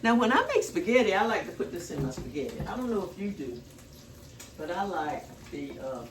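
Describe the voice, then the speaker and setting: With a fairly low voice and big pitch swings, an older woman talks a little fast as she cooks in her home kitchen. Her vlog chat is homespun and rambling, and there's slight background noise.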